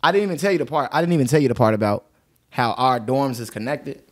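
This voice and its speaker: A man's voice: medium pitch, quick pace. A man co-hosting a podcast, telling a story in casual chat and acting out the people in it. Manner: animated storyteller, acts out quotes. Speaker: podcast co-host.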